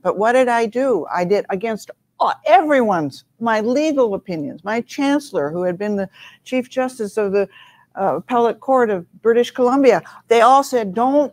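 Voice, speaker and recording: An older woman, a former university president and panel guest, telling stories in an earnest, measured way. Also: medium pitch, a little mellow. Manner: measured, earnest, recounts anecdotes. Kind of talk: reflective storytelling in a panel talk.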